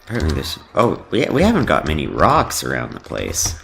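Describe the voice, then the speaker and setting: A man's voice: a bass voice, huge pitch swings, a little fast, creaky, fairly bright tone, slight background noise. A man casually commenting on his own park-building game, rambling with many fillers and self-deprecating asides. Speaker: let's play host.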